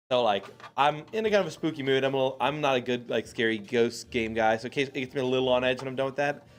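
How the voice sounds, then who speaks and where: Brief: male co-host, mid-pitched voice, chatty rambling storyteller who laughs often. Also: fast talker. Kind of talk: casual chat.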